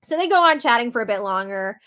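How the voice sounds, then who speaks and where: A woman's voice: on the high side, lively intonation, fast, bright, forceful tone. A woman hosting a casual reality TV recap, chatty and opinionated as she reads out quotes. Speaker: recap show host.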